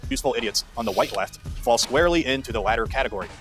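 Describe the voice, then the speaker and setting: Brief: man, rapid-fire emphatic political commentator, faint music behind. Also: medium pitch, lively intonation, a bit bright.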